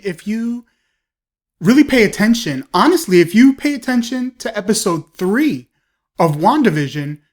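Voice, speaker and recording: Slow, gushing male TV reviewer. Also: high voice. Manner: gushing, rambling, with frequent exclamations. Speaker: host of a TV review show. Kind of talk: casual episode review.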